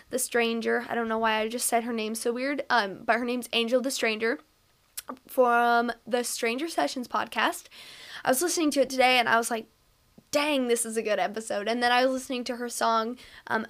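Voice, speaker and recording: A woman's voice: fairly high pitch, a bit bright. A young woman hosting a casual podcast, chatty and a little self-conscious, with lots of fillers. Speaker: podcast host.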